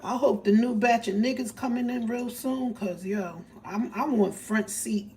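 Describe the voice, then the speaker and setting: Her voice sits a little high with a dark tone, and she speaks unhurriedly. A young woman, she's livestreaming from her kitchen at home, joking crudely and chatting as she fixes breakfast, picked up by a far-off phone mic amid background noise.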